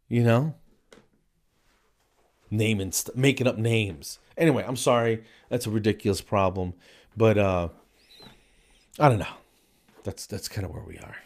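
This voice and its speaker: Low-ish male comic host, worn out, exasperated, rambly. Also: normal speed, gravelly, pauses often, a little mellow. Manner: rambling, exasperated, repeats himself. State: tired late at night. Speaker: podcast host and comedian. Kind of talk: casual stand-up style monologue.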